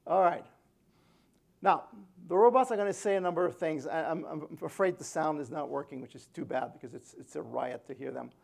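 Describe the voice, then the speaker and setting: A man's voice: a little high, fairly quick, gravelly, a little mellow. A man giving a technical conference talk to an audience, hesitant and good-humored, with many fillers and restarts. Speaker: conference speaker. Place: conference room.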